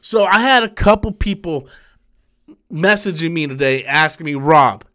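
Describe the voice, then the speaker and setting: A man in his thirties hosting a live stream, tired after a long work shift, talking excitably and rambling with frequent restarts while he answers viewer messages. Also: on the high side, normal speed. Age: 30s. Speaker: YouTube channel host.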